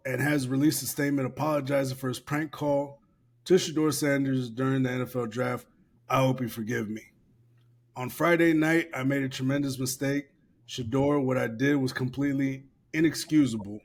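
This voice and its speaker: Medium in pitch, a relaxed co-host swears freely and laughs while reading aloud during an informal podcast chat.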